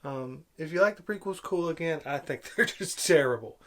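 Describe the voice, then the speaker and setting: A man giving an exasperated, sarcastic film review rant, swinging between loud outbursts and low muttering. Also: normal speed. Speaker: movie reviewer.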